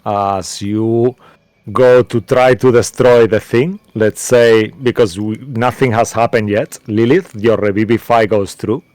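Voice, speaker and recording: A man's voice: fairly low pitch, fairly even intonation, measured pace, a little mellow, no room sound. A man narrating a tabletop game as game master, rambling with many fillers.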